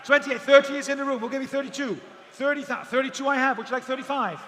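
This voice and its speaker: Guy auctioneering, really high bright voice, long reverb and faint noise behind. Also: fairly even intonation. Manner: rapid repetitive bid calling, joking asides. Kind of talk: auction calling. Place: outdoor auction event.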